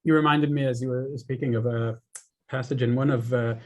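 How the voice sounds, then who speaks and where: Host on a video call, mid pitch voice, rambles through long questions thinking out loud. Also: fairly even intonation, fairly quick. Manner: rambling, thinks aloud with fillers and asides. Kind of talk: conversational interview questions.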